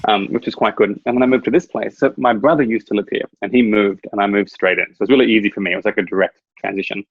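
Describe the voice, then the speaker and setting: A man talks quickly and casually, rambling through anecdotes with a slightly husky, low voice. The sound is dry and a bit dull, like lo-fi video call audio. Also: steady tone, no room sound. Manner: rambling storyteller, laughs at his own anecdote. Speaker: guest. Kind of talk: casual chat.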